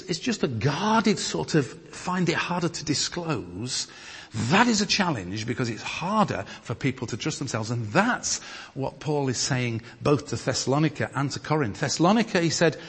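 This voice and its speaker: Man, preacher, from northern England, husky, lively pitch, church hall with long reverb. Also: moderate pace. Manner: animated, reads scripture with rising emphasis. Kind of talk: teaching sermon with group discussion.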